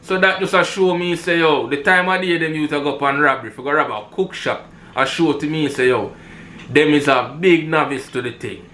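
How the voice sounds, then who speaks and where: A man's voice: on the high side, fairly quick, bright, forceful tone, slight background noise. A man with a Jamaican accent, giving heated commentary in patois and repeating himself for emphasis. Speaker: commentator reacting to robbery footage.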